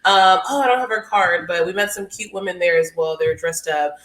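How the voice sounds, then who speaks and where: A woman's voice: fairly low pitch, a little fast, a bit bright. A young woman co-hosting a podcast, telling stories animatedly with frequent laughter and swearing. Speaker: podcast co-host. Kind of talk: casual chat. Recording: echoey room.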